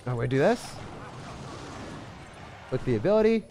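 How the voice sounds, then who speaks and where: A man giving excited, self-mocking commentary over his own gameplay, full of gamer slang, swinging from hype to groans. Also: medium pitch, normal speed, background noise. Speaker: gaming creator.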